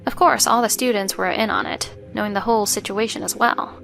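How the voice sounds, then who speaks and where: A woman giving a scripted first-person story narration in an even, measured way. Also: medium pitch, gravelly. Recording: faint music underneath.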